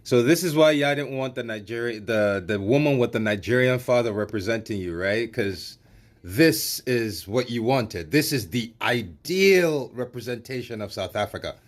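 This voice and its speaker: A man's voice: mid-range voice, expressive, moderate pace. A man ranting in an angry reaction video, heated, profane and repetitive. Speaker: commentary vlogger.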